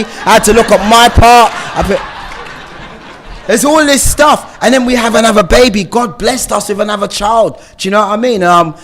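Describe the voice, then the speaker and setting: Man, middle-aged, high voice, animated storytelling, laughs often. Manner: animated storytelling with frequent laughs and rhetorical questions. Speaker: recovery speaker. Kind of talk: personal recovery share.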